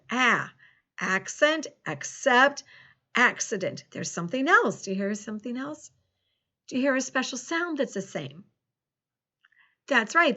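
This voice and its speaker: A woman teaching a recorded phonics lesson to young children, encouraging them and sounding out words slowly. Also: high-pitched, fairly bright tone, muffled recording. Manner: encouraging, slow and exaggerated word sounding. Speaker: second grade teacher.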